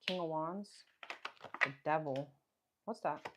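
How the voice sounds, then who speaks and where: A woman's voice: deep voice, slow. A woman giving a casual live tarot reading, chatting and thinking aloud as she names the cards. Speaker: tarot card reader. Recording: clear background noise.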